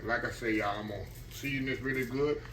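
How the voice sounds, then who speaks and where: A man's voice: mid-range voice, fast, a bit bright, a little hiss or hum. A man hosting a casual cooking demonstration in his home kitchen, chatty and folksy, always calling out to his viewers. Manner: folksy, chatty, keeps addressing viewers as y'all. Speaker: cooking channel host.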